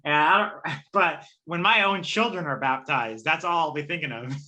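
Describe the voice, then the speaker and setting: Joking bright-voiced man chatting about films. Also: fairly high pitch, moderate pace. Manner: jokey, laughs often, acts out quotes. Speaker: film review show host. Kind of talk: casual film review chat.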